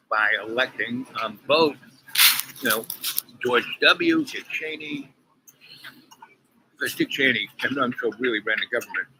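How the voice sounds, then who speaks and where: A man's voice: mid-range voice, background noise. A man hosting his own show, rambling opinionated commentary while eating breakfast with his mouth full. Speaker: online show host.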